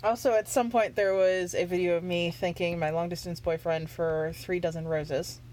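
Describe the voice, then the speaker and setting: A woman's voice: lowish voice, steady tone, moderate pace, a little mellow, rough recording. A woman telling long, rambling stories during a casual let's play chat, laughing often along the way. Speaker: co-host guest. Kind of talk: casual chat while playing a mobile game.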